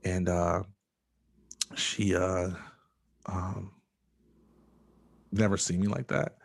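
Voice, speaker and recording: A young man with a notably deep, low-pitched voice recounts his experience in conversation. He speaks earnestly and haltingly, filling pauses with ums and uhs as he searches for words. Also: steady tone, creaky. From Michigan. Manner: earnest, halting storytelling with many fillers. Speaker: interview guest. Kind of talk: personal testimony in conversation.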